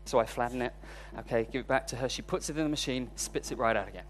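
A man delivers a sermon in a mid-range voice at a quick clip, with a little hiss or hum in the background. He tells a personal story candidly and pokes fun at himself, his voice climbing as he recounts his frustration.

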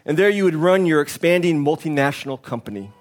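A preacher puts on a pushy businessman pitching big plans. He lectures with eager salesmanship and sits a little higher in his voice, an ordinary reading voice with no heavy disguise. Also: expressive, fast talker, lightly acted. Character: pushy male business school graduate.

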